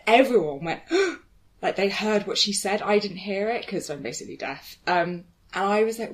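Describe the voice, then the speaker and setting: Woman, podcast co-host, animated storyteller who acts out quotes. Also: mid-range voice, moderate pace. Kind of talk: casual chat.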